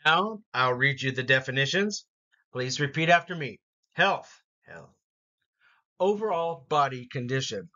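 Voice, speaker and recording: A man teaching an English vocabulary lesson, saying each word slowly and clearly for learners to repeat. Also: mid-range voice, animated, bright, forceful tone, muffled recording. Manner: slow, deliberate word-by-word pronunciation.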